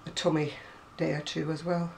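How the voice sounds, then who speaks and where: A middle-aged woman talks casually to camera in a gravelly, creaky voice. She rambles from one story to the next and breaks into ranting asides. Faint background hiss sits under her voice. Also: sits low, flat delivery, moderate pace, a little mellow. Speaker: crafting vlogger.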